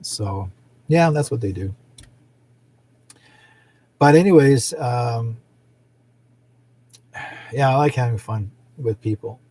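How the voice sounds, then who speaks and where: Rambling, chatty man with a husky voice. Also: mid-range voice, takes it slowly, pauses often, warm tone, no room sound. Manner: rambling, chatty, laughs often, acts out quoted people. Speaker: psychic show host. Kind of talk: casual livestream chat.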